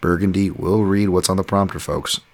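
Low gravelly dude rambling on his podcast, goes off on tangents. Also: fairly even intonation, normal speed. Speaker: podcast host. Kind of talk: casual podcast monologue.

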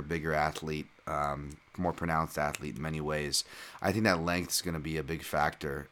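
Male podcast host, low voice, loose and chatty fight analysis. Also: bright, forceful tone. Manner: chatty, slangy, addresses listeners as folks.

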